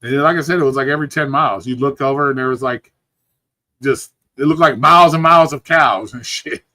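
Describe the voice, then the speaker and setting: A man's voice: mid-range voice, fairly quick, sharp tone, dry recording. A man hosting a livestream, chatting casually from home in a rambling, profane, laid-back way, sounding sleepy. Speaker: livestream host. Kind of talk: casual chat.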